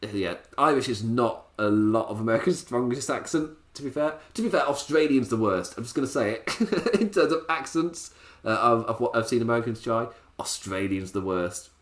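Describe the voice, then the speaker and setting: A man talks through a wrestling show in a loose, sarcastic podcast style and laughs often. His pitch rises and falls in a lively way, and he keeps a middle-range voice. The room gives his voice a noticeable echo. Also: normal speed. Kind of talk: casual podcast review. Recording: roomy echo.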